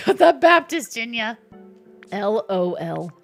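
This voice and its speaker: A woman's voice: a little high, big pitch swings, slow pace, gravelly, faint music behind. A woman live streaming a game in casual chat, reading her chat aloud and joking back. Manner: chatty, reads chat aloud and answers it, jokey.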